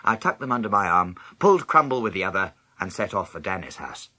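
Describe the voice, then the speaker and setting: A man narrates a children's story in the first person, his low voice swinging widely in pitch as he tells it. The tone is bright and slightly breathy. The recording is close and dry, with no room sound. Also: fairly quick, no echo. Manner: lively storytelling, jumping high in pitch for other characters' lines. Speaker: audiobook narrator.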